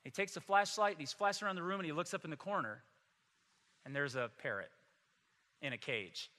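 A man's voice: fairly high pitch, brisk, bright, forceful tone, long reverb tail. A man pastor delivering a Christmas Sunday sermon in a church, emphatic and telling humorous stories. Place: church sanctuary.

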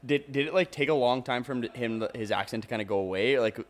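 A man's voice: medium pitch, fast talker. Easygoing joking man hosting a podcast. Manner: easygoing, jokey, asks short follow-up questions. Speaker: podcast host. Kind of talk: casual interview chat.

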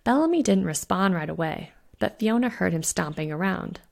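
Low, gravelly woman reading a story. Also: animated, normal speed. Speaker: author reading her own story. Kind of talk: scripted narration.

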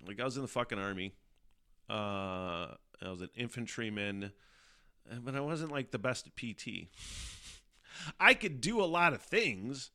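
A middle-aged podcast host from Northern Michigan rambles casually, swearing a lot and laughing often. His mid-range voice has a sharp tone, captured on a studio microphone.

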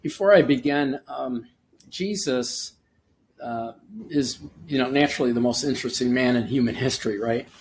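A man's voice: mid-range voice, moderate pace, a little hiss or hum. Earnest man preaching a short devotional. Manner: earnest, restarts often, reads scripture aloud with emphasis. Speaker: podcast host and preacher. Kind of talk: informal devotional teaching.

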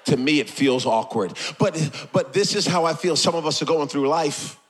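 A male pastor preaching a passionate sermon, repeating phrases and building to shouts. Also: fairly high pitch, lively intonation, normal speed.

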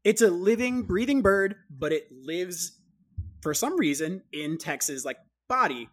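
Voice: medium pitch, very animated, unhurried, breathy edge. A player describing their character in a tabletop game, chatty, with many fillers.

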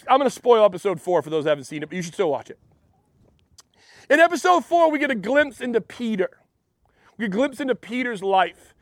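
Male pastor, very high voice, dry close sound, chatty sermon. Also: no echo. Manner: animated and conversational, with frequent restarts.

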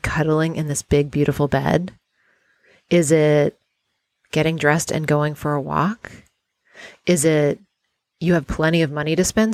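A woman hosting a guided visualization, talking in an unhurried, dreamy way and inviting the listener to picture a perfect day. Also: deep voice, dry recording. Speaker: host guiding a visualization exercise.

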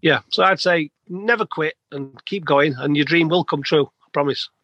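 Husky, chatty man in his fifties. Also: fairly high pitch, normal speed, fairly bright tone, no echo, lo-fi sound. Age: 50s. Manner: chatty, rambling anecdotes with laughs. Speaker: plumber, interview guest. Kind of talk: casual storytelling.

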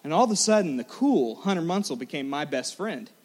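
A young man preaching a sermon, telling a self-mocking story in an animated way. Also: fairly high pitch, fairly quick, breathy edge. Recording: large hall with long reverb.

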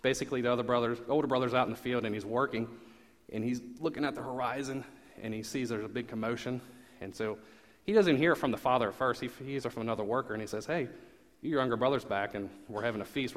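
Male preacher, conversational sermon, asides to the congregation, mid-pitched voice, echoing hall.

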